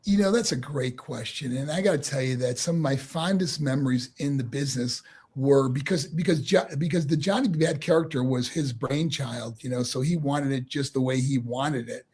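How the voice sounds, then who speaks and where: A middle-aged man from New York telling lively stories as an interview guest and laughing often. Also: medium pitch, moderate pace, slightly rough. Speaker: guest, former pro wrestler. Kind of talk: casual interview storytelling.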